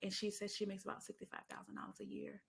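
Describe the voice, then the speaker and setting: A middle-aged woman hosting a podcast, telling a story in a chatty way, calling her listener honey and dropping into soft asides. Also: medium pitch, completely flat delivery, quick pace, gravelly, a little hiss or hum. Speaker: podcast host. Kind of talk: casual podcast monologue.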